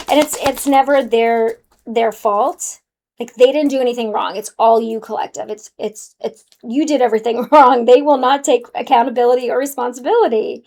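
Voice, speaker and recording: Woman, fairly high voice, sassy, casual tarot card reading, calls the viewer honey. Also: steady tone, moderate pace, a little mellow.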